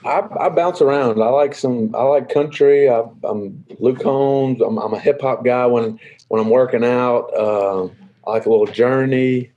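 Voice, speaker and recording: A young man answering interview questions in an easygoing, halting way with many fillers. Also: mid-range voice, dark tone, dull audio. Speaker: guest, professional baseball player.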